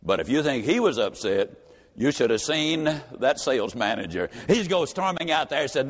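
A man's voice: medium pitch, sing-song, normal speed. A man giving a folksy, emphatic motivational speech told as a story. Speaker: motivational speaker. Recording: reverberant hall.

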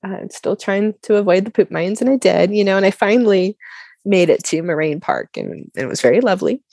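A woman's voice: medium pitch, sing-song, brisk, creaky, a little mellow, no room sound, clean studio sound. A woman from Colorado telling her personal faith story as a guest, candid and chatty with lots of "like" and "you know.". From Colorado, USA. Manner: earnest and open. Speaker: guest sharing her testimony.

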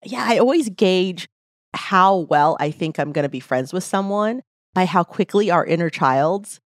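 A woman's voice: lowish voice, expressive, unhurried, dry recording, studio quality. A woman hosting a podcast in casual conversation, a bubbly storyteller who laughs often. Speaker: podcast host.

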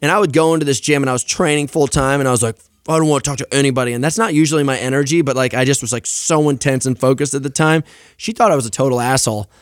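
A man's voice: medium pitch, racing, clear, resonant tone, no room sound, studio quality. A young man in casual podcast chat, telling stories animatedly, swearing and acting out quoted lines. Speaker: podcast guest.

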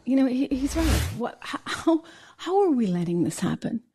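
A woman's voice: sits high, sing-song, normal speed, warm tone, a little hiss or hum. A woman from New Hampshire hosting an opinion show, indignant and full of rhetorical questions. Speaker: host.

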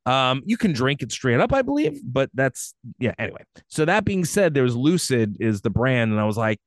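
A man co-hosting a chatty podcast, playful and animated, often breaking into loud joking bits. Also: medium pitch, normal speed, hardly any pauses, no room sound, clean studio sound. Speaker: podcast co-host. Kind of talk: casual chat.

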